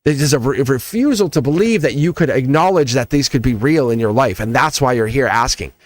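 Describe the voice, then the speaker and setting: A man's voice: medium pitch, expressive, brisk, no echo. A man with a Southern accent, reading tarot on a casual livestream and talking straight to his viewers, laughing often. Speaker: tarot reader.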